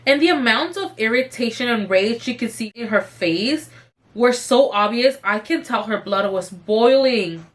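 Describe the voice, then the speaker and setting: A young woman vlogger telling a workplace story while doing her makeup, animated and swearing freely, her throat slightly strained. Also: a little high, unhurried. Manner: animated, swearing, addresses viewers as you guys. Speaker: beauty vlogger.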